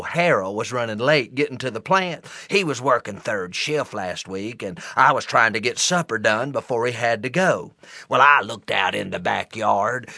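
A man voicing a brassy, loud-mouthed small-town waitress with a gravelly, smoky, coarse voice and a rambling, gossipy way of telling a story. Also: medium pitch, dry recording, studio quality. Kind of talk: comic storytelling performance.

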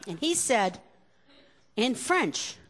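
An older woman spins a story for a live crowd, her voice swooping high and low as she leans into the drama. She keeps it chatty and wry, with sly little asides to her listeners. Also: drawn-out words, a little hiss or hum. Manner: animated, conversational, chuckling asides.

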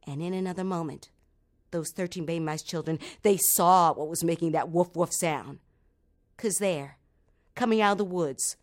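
A woman telling a children's story aloud with lively dramatic pauses and playful sound effects. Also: mid-range voice.

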